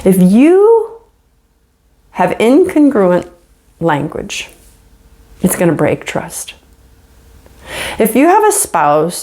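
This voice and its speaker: A woman teaching relationship skills straight to camera, emphatic and animated, often checking in with "right?". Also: medium pitch. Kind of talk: direct-to-camera teaching talk.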